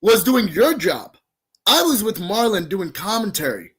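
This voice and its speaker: A man, a professional wrestler, cutting a heated in-character promo in an accusatory, shouting manner. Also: sits high, sing-song, measured pace, slightly rough.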